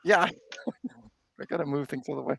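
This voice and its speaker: A woman's voice: sits low, moderate pace, creaky, breathy edge, no room sound. A woman hosting a casual live stream from her home workbench, chatting playfully as she narrates her tinkering. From Canada. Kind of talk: casual live-stream chat while working.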